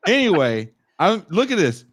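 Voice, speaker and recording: A man co-hosting a casual podcast chat, reacting to a clip with loud laughs and profane jokes. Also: high-pitched, normal speed, dry recording. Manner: animated, laughing often, profane, slips into mocking voices. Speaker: podcast co-host.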